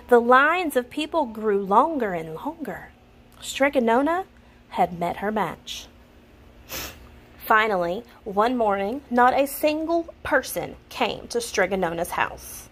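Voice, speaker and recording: A woman reading a children's picture book aloud in an expressive storytelling manner. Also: on the high side, slow pace. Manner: expressive, laughs at the funny parts.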